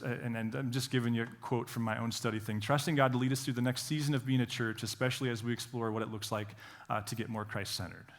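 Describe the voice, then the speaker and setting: A middle-aged male pastor giving a conversational sermon, full of rhetorical questions, restarts and lively quoted lines. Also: mid-range voice. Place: church hall.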